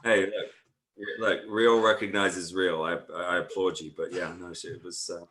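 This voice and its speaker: A man with a fairly low yet bright, forceful voice, teasing and ribbing the hosts with brash humor. He joins a casual live chat as a guest over a video call. A faint hiss sits behind him. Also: flat delivery, measured pace, low-quality recording.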